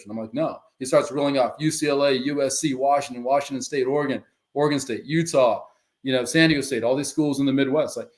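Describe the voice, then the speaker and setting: Man, middle-aged, podcast guest, candid storytelling, acts out dialogue, mid-pitched voice. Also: brisk. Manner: animated storyteller acting out quoted dialogue. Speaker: guest, former pro football player and life coach.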